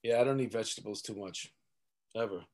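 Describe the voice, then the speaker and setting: A man who is a comedian, talking casually as a podcast guest with halting, self-deprecating jokes. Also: lowish voice, a little mellow. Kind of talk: casual chat.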